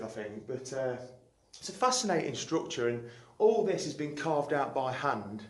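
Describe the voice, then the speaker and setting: Chatty man on a walking tour. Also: medium pitch. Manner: chatty, rambling, curious. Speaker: local history vlogger. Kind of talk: casual walking tour narration. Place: outdoors on a woodland trail and in caves.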